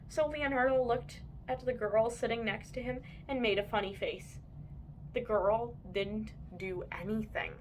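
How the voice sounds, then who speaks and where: A woman reading children's picture books aloud with an expressive, lively delivery. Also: a little high, unhurried, slight background noise. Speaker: children's book reader.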